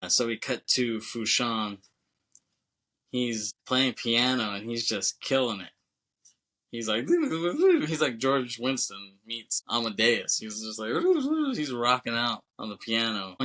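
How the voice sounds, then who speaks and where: A man co-hosting a podcast, casually retelling a film scene by scene and dropping into quick quoted lines with laughter. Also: medium pitch, big pitch swings, sharp tone. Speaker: podcast co-host. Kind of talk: casual movie recap.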